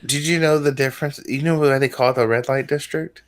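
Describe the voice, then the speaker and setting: A man's voice: medium pitch, steady tone, brisk. A man co-hosting a podcast in casual chat, joking crudely and stammering into his stories. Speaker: podcast co-host.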